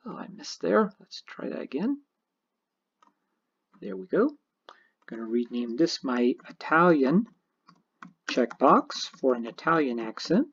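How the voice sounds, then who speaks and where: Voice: medium pitch, husky. A programming teacher narrating a screencast tutorial, explaining each step methodically. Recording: dull lo-fi screen recording.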